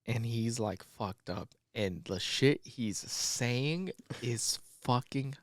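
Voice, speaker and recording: A man's voice: medium pitch, slow pace, no room sound. Podcast guy rambling casually, lots of likes and swearing, dry close sound. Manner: loose, rambling with many fillers and swearing. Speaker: podcast co-host. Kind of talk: casual chat.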